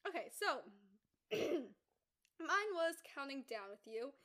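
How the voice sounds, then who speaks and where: A young woman chatting casually as a co-host, giggly and animated, teasing her friend. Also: high voice, slow. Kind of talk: casual chat. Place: home at night.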